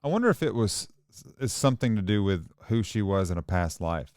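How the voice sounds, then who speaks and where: A man's voice: on the low side, big pitch swings, a little fast, a little mellow, clean tone, dry recording, clean studio sound. A man from the American South co-hosting a radio show, making playful, offbeat remarks in casual chat.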